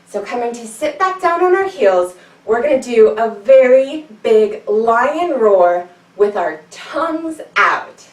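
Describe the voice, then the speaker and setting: A woman's voice: fairly high pitch, big pitch swings, slow, echoey room, recorded from a distance, poor audio. A woman teaching a children's yoga class, telling a story in a playful, sing-song way while guiding poses.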